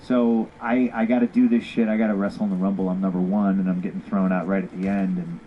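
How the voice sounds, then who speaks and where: A man's voice: deep voice, fast talker, highs cut off, slight background noise. A man, a former pro wrestler, candidly telling stories in an interview, swearing freely and acting out what others said. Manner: profane, animated, acts out quoted dialogue. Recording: podcast audio played over loud game gunfire.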